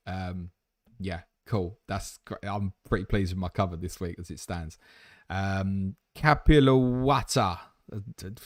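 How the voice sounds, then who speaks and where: A man hosting a fast casual livestream, reading out viewer questions and answering them bluntly with jokes. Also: on the low side, no room sound, studio quality. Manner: blunt, jokey, reads viewer questions aloud.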